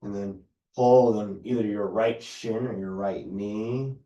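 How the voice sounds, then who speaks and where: A man leads a yoga class, giving slow, calm cues for each stretch and breath. His voice sits on the low side and comes from a distance, carrying the echo of the room around him. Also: dull audio. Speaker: yoga instructor. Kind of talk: guided yoga class instruction.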